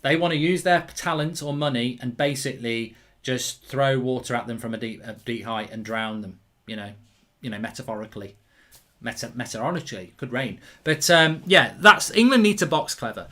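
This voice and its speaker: An excitable man hosts a live football watchalong stream and rambles on as he reads out viewers' comments. His voice sits at an average pitch for a man. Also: normal speed.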